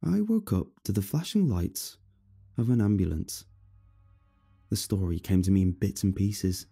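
Low, gravelly male horror narrator. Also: expressive, a little slow, warm tone, faint music behind. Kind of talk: first-person horror story narration.

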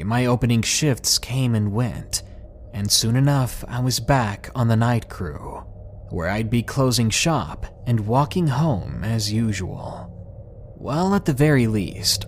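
A man narrating a first-person horror story in a dramatic, scripted storytelling manner, slowing down on tense phrases. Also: mid-range voice, a little hiss or hum. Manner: lively, dramatic storytelling with slowed emphatic phrases.

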